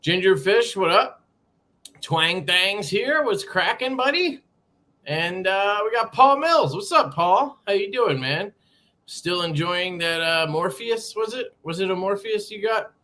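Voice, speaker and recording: A man's voice: high voice, expressive, unhurried, bright, forceful tone. A man hosting a casual live stream from a sparse room at home, greeting chatters by name in a loose, swearing way. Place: home room being moved into.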